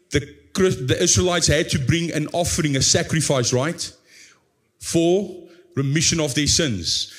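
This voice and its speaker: During his sermon, a male pastor reads from scripture, then plays a pleading believer with a high, anguished cry before sinking into a low, slow voice.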